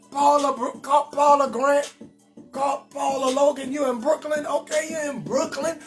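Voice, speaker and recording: High-voiced New man, brash and rambling. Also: a bit bright, recorded from a distance. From New Orleans. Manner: brash, rambling, slips into sing-song. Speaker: comedian host of a live call-in show. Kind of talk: live-streamed comedy talk show.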